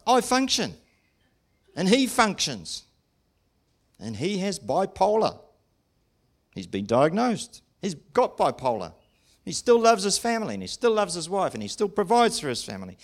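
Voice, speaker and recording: An older man preaching a sermon in a church, plain-spoken and self-deprecating. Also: on the high side.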